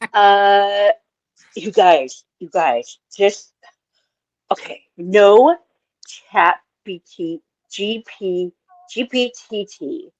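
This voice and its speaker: A woman calling in to a livestream, talking in a hesitant, halting way. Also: medium pitch, no room sound, highs cut off. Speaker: guest caller. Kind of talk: casual livestream chat.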